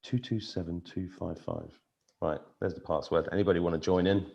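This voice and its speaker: A man's voice: low voice, steady tone, brisk, gravelly, lo-fi sound. A man hosting a live video call, chatting casually, emotional and laughing often, restarting his sentences. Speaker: host of a live online meeting. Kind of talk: casual live-stream chat. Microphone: computer video call.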